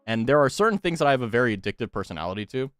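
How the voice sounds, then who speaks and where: A male streamer talks in a lively, animated way, his pitch swinging widely as he swears and laughs his way through stories. The sound is close and dry, with faint music playing under him. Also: rapid-fire, clean tone, no echo. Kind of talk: casual chat with viewers.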